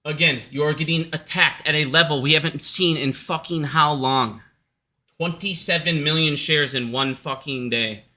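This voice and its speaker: A man's voice: a little high, normal speed, bright, forceful tone. A man from Minnesota giving casual, heated commentary at home, profane and repetitive, hot and out of breath. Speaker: stock market commentator. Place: his house.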